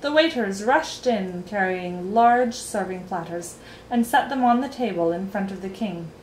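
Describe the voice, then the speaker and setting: A woman reading a children's novel aloud in an expressive storytelling voice. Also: medium pitch, unhurried, a little hiss or hum. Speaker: reader. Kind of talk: storybook read-aloud narration. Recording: roomy echo, faint ambience.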